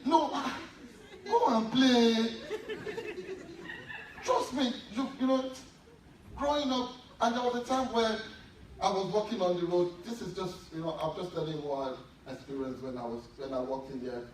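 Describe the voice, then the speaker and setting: A man with a Nigerian accent performs stand-up before a live audience in an event hall, animatedly telling stories and impersonating his mother. His voice is high and fairly quick, picked up from far away in an echoey hall with crowd noise and audience laughter.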